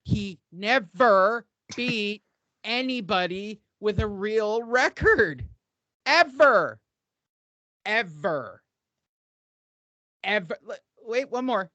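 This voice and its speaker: A man's voice: high-pitched, takes it slowly, sharp tone, no echo, highs cut off. A man hosting a casual boxing podcast, sarcastic and profane, stretching words for emphasis.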